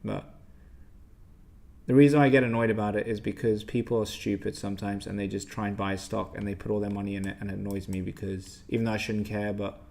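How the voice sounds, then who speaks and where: A man's voice: fairly low pitch, level tone, a little fast, vocal fry, a little mellow. Blunt, emphatic man hosting a trading stream. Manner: blunt, emphatic, quizzes and scolds viewers. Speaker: stock trading livestream host. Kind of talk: live trading stream, teaching chat viewers.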